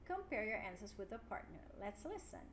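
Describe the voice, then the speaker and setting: A woman teaching an English lesson online, clear and encouraging, with frequent "yeah" fillers. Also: mid-range voice, sing-song, brisk, fairly bright tone. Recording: roomy with faint noise.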